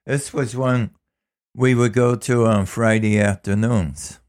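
Lowish man, casual chat, short plain memories of the old days. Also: fairly even intonation, slow pace, a little mellow. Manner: brief, matter-of-fact recollections. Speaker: longtime resident guest. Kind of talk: casual reminiscing conversation.

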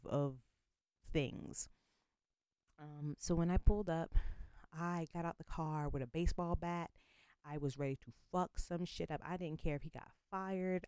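Blunt, profane woman with a low, dark voice. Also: smooth, no room sound. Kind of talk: storytime vlog monologue.

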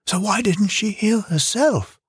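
A man's voice: high voice, measured pace, slightly rough, no echo, clean studio sound, voice pushed up, full character voice. Man doing a chattering stubborn little girl. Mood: insistent. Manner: earnest, insistent, chattering. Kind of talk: audiobook character reading.

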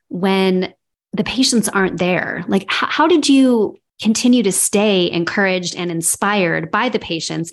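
A woman hosting a casual interview, encouraging her guest with quick affirmations. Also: lowish voice. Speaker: podcast host.

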